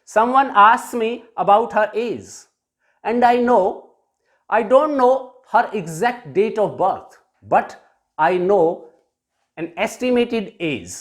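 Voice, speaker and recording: Lively Indian English grammar teacher. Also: medium pitch, takes it slowly. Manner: repeats each point and switches between Hindi and English. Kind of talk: recorded grammar lesson.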